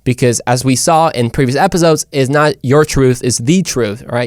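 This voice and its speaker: A man hosting his own talk show, rambling casually in an animated, slangy way. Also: mid-range voice, moderate pace, hardly any pauses, no echo, studio quality. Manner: animated, rambling, slangy, puts on mock British voices. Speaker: show host. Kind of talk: casual opinion monologue.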